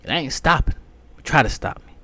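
A man hosting a casual comedic podcast monologue, rambling profanely with frequent fillers and sudden loud outbursts. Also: a little high, expressive, normal speed. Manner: frequent fillers like um and you know. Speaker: podcast host.

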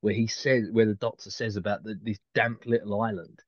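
A man's voice: fairly low pitch, level tone, a little fast, dry recording, dull audio. A man co-hosting a podcast, rambling through casual chat with lots of restarts and fillers. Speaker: podcast co-host.

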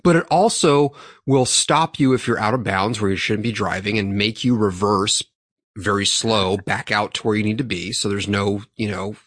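A man co-hosting a podcast, swearing freely as he tells a lively story to his friends. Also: on the low side, moderate pace, no echo, clean studio sound. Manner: profane, animated storytelling. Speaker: podcast co-host. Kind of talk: casual storytelling among friends.

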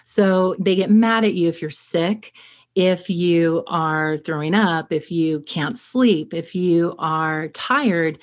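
A woman therapist explaining ideas in conversation, steady and clear, acting out quick examples. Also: lowish voice.

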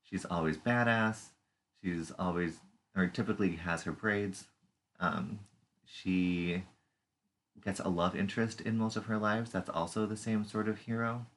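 This man's voice sits on the low side and is a bit bright, with fairly even intonation and a measured pace. Co-hosting a podcast, he playfully recaps a TV episode in casual chat, full of jokes, puns and silly voices.

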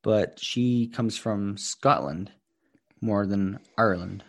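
A man's voice: fairly low pitch, slow, creaky. Easygoing man chatting on a podcast. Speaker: podcast co-host. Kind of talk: casual chat.

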